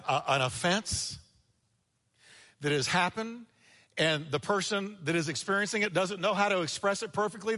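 Bright-voiced preacher in a reverberant church. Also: male voice, a little high. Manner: energetic preaching with sudden drops to quiet, acted-out quotes. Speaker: pastor. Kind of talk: sermon. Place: church sanctuary.

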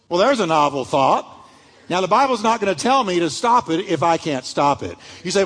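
A man's voice: high-pitched, sing-song, moderate pace, fairly bright tone, long reverb tail. A male pastor preaching a sermon, telling stories with animation and acting out the voices of the people he quotes.

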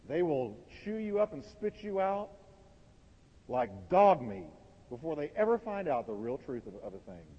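A man preaching a sermon from the pulpit, emphatic, swinging between loud and quiet lines. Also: on the high side, sing-song, normal speed, slightly rough. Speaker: pastor. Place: warm church sanctuary. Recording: dull, reverberant church recording.

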